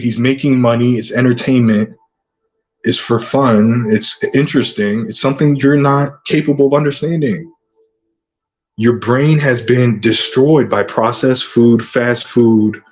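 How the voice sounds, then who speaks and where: A man's voice: mid-range voice, a little slow, highs cut off. A man hosting his own channel, delivering an aggressive, profane rant full of taunting insults. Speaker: channel host. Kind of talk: ranting vlog monologue.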